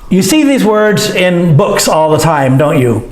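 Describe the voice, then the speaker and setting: Slow, lively-voiced man teaching English. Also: sits high. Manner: slow, demonstrative, acts out each sound. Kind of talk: language lesson. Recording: echoey room.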